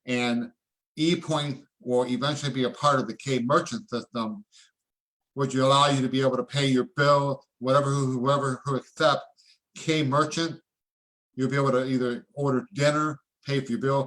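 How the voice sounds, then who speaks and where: Excitable man hyping a live online event. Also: mid-range voice, moderate pace. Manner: excitable, preachy, calls for audience responses. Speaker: presenter. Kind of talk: online sales presentation.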